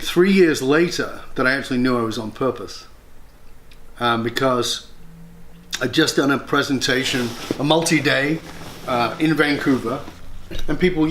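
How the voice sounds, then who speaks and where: A man's voice: medium pitch, a bit bright. A man as an interview guest and leadership mentor, telling a personal story in a candid, reflective and earnest way, with blunt swearing now and then. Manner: often acts out his own past words.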